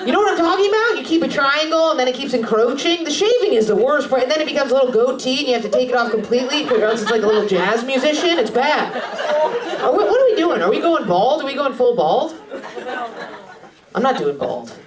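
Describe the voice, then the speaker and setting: A woman stand-up comic with a fairly high, lively voice, working the crowd with crude, brash jokes. She is heard from a little way off in a roomy club, over loud audience laughter. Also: fast talker, far from the mic. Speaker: stand-up comedian. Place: comedy club stage.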